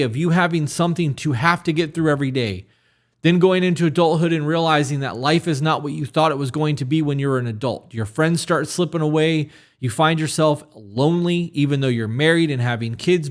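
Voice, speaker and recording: Candid, earnest man hosting a podcast. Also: a little high. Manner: candid, earnest, swears casually. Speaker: podcast host giving advice to men. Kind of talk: casual advice talk, reading a listener email.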